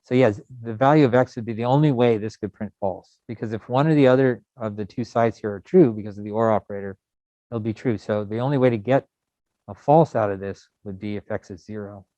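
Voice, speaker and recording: A middle-aged man from the United States teaching a programming lesson in a relaxed, rambling way with many fillers. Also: lowish voice, fairly quick, no echo. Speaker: programming instructor. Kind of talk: recorded coding lecture. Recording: dull lo-fi sound.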